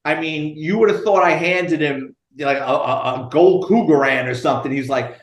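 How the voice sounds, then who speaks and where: A retired police detective, telling profane, animated stories in an interview. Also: male voice, on the high side, a little fast, few pauses, echoey room. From United States. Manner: animated, profane storyteller acting out dialogue. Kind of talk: storytelling interview.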